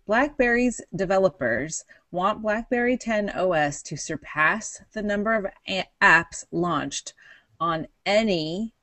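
A woman's voice: lowish voice, a bit bright, dry recording. A middle-aged woman co-hosting a casual tech podcast, chatty and giggly, often breaking off mid-sentence. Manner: giggly, chatty, self-interrupting. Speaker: podcast co-host.

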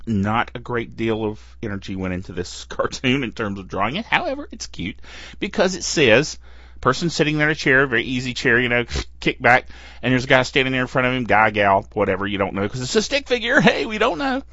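A playful male podcast host chats about tech with a voice that leaps up and down in pitch. He laughs between phrases. The recording is dull, lo-fi and dry. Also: big pitch swings, fairly quick, bright, forceful tone, no echo. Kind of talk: casual tech podcast talk.

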